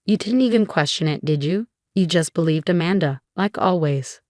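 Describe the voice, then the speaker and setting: A woman reading a scripted first-person story in an even, measured way. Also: fairly low pitch, no echo, studio quality.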